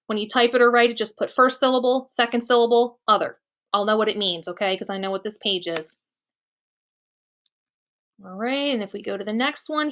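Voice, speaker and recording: Female grade-school teacher, crisp bright tone, slightly high, patient step-by-step explainer. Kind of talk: recorded online mini-lesson.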